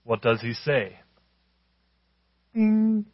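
Guy preaching a sermon, tells stories, slows down for emphasis, dry muffled audio. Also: medium pitch, steady tone, dry recording. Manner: storytelling with emphatic, slowed-down phrases. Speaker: pastor.

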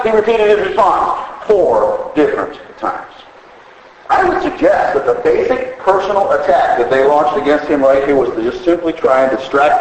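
A man preaching a sermon, telling stories with animated delivery and acting out the characters' lines. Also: medium pitch, roomy sound, slight background noise, poor audio. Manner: animated storytelling, voicing characters in quotes. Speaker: pastor.

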